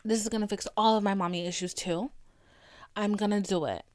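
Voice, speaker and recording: A woman's voice: mid-range voice, steady tone, brisk, dry recording, studio quality, close to an everyday voice. A woman playing an insecure, self-pitying rich man who craves praise, in a sarcastic first-person retelling.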